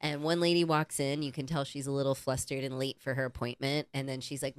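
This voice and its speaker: A woman co-hosting a casual podcast, telling lively stories, acting out other people's lines and laughing often. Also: a bass voice, fast talker, few pauses, no echo. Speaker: podcast co-host. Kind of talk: casual chat.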